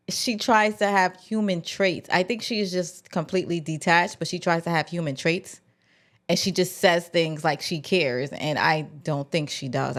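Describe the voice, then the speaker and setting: A woman hosting a casual TV episode recap, talking in an animated, slangy way with big jumps in pitch. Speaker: TV recap vlogger host.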